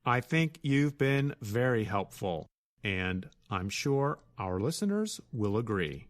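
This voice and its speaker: A man co-hosting a scripted English lesson, speaking slowly and carefully with a melodic, rising and falling pitch. He explains each point plainly and spells words out letter by letter for learners. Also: sing-song. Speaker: co-host and English teacher. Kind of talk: scripted teaching dialogue.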